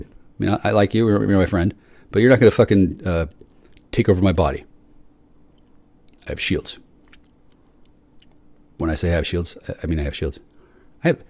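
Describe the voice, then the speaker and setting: A man's voice: on the low side, darkish tone, dry recording. A man delivering an angry, profane solo rant, stammering through restarts as he jabs at his listeners.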